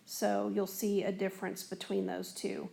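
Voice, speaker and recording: A woman's voice: medium pitch, monotone, normal speed, creaky, mellow. A woman teacher explaining a lesson on a recorded whiteboard in a patient, step-by-step way, with frequent fillers. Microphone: tablet recording.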